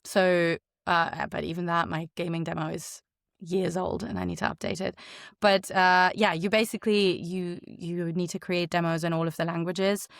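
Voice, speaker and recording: A woman's voice: lowish voice, level tone, normal speed, vocal fry, no echo, clean studio sound. Frank, chatty woman voice coach. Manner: chatty, frank, lots of fillers. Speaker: voice actor and coach. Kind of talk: casual podcast interview.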